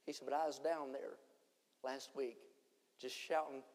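A man preaching a revival sermon, swinging between shouted lines and hushed ones. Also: medium pitch, little pitch movement, unhurried. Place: church conference hall. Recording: long church hall reverb.

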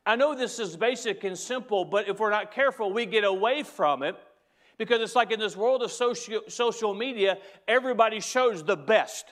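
High-voiced pastor preaching emphatically. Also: male voice, normal speed, fairly bright tone. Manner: emphatic, repeats key phrases; addresses the congregation directly. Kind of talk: sermon.

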